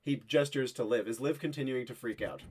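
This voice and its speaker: A man's voice: mid-range voice, a little fast, a little mellow, husky. A man runs a tabletop role-play as game master, in a mid-range voice. His narration is loose and casual, dotted with fillers.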